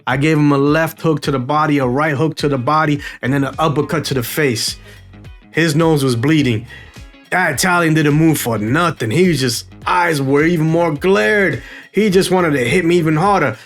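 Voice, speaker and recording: A middle-aged man from the Bronx with a New York accent, telling a story in a casual, slangy, animated way. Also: on the high side, normal speed, soft background music. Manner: animated, slangy, acts out quoted voices.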